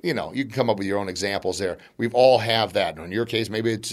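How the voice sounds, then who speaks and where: A middle-aged man hosting a motivational podcast, talking in an animated, chatty way and laughing between points. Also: mid-range voice, fairly quick. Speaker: podcast host.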